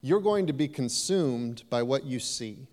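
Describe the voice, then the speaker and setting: A man's voice: mid-range voice, expressive, measured pace, darkish tone, in a large hall. A man preaching a sermon in a church, talking conversationally and turning to the congregation now and then. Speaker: pastor. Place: church sanctuary.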